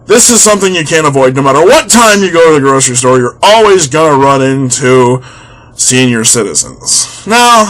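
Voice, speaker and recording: A man's voice: medium pitch, a bit bright. Exasperated male vlogger ranting. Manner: exasperated, sarcastic, swears freely. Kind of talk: comedic rant.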